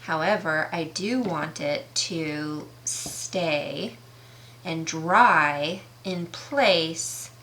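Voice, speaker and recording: Slow, bright-voiced woman teaching a craft. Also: low-pitched, slight background noise. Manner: chatty, enthusiastic, slow and careful explaining. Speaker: craft demonstrator. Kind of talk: casual craft tutorial.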